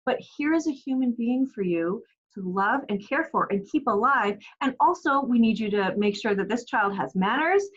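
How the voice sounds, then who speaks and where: A woman's voice: a little high, lively intonation, normal speed, few pauses, breathy edge, muffled recording. A woman in her forties giving parenting advice as a coach, earnest and encouraging, often asking rhetorical questions. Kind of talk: direct-to-camera parenting advice.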